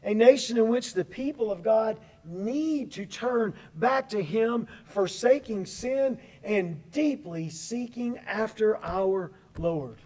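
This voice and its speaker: Earnest high-voiced preacher, mellow tone. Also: male voice, expressive, poor audio. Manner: earnest, emphatic, slows down on key words. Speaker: pastor. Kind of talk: sermon. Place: church sanctuary.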